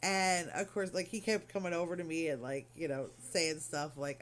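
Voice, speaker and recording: A woman's voice: low-pitched, steady tone, moderate pace. A middle-aged woman craft vlogger telling a story in casual, rambling chat full of fillers and asides.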